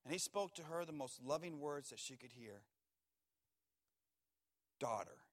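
A man preaching a sermon, swinging from hushed, slow words to loud, urgent ones. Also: on the high side.

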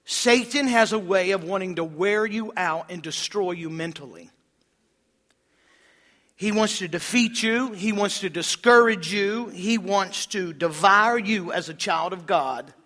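Male pastor, fairly high bright voice, fervent sermon delivery that drops to hushed tones. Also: unhurried, in a large hall. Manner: impassioned preaching, swings from loud emphasis to hushed low tones.

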